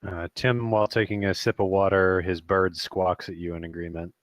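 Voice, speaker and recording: A man's voice: deep voice, level tone, normal speed, dry recording. A man playing a tabletop game, joking and playful. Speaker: player.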